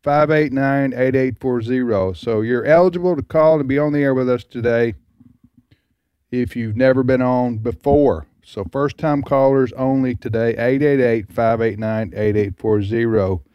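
A man's voice: mid-range voice, normal speed, smooth, no room sound, muffled recording. A man hosting a casual call-in radio show, upbeat and repeating the show details. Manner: upbeat, repeats phone number and show name. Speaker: radio host.

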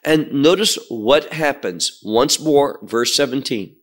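A man teaching verse by verse through a Bible passage, reading verses aloud with emphasis and asking rhetorical questions. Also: mid-range voice. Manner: slow, deliberate, rising emphasis on quoted verses.

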